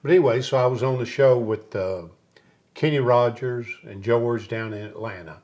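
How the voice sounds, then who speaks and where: A man, a guest on a talk show, telling stories in a relaxed and lively way. His voice sits in an ordinary middle pitch, and he slips into the voices of the people in his stories as he tells them. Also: normal speed. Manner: lively storyteller who acts out other people's lines. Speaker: interview guest, singer. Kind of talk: storytelling in a casual interview.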